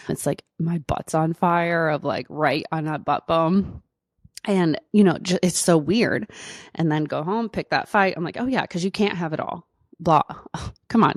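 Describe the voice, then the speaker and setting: A woman doctor with a low, darkish voice tells a personal story on her own solo podcast, chatting casually with lots of fillers. The recording is dry with clean studio sound.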